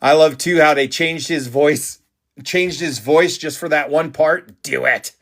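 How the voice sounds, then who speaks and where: A man hosting a live trading card break, talking excitedly and casually to his viewers. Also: a little high, measured pace. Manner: excitable, hyped, chatty with viewers.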